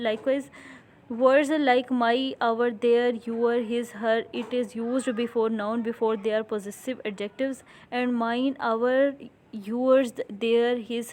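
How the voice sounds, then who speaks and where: A woman with an Indian English accent teaching grammar from slides, reading rules and examples aloud and sometimes halting to restart a word. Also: on the high side, a little mellow. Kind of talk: slide-based grammar lesson.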